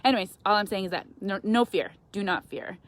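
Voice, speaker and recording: A talkative woman speaks as a guest on a live stream. She chats in an animated, upbeat way. She reads viewer comments aloud and responds to them. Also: medium pitch, fairly quick. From Canada. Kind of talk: live-stream motivational chat.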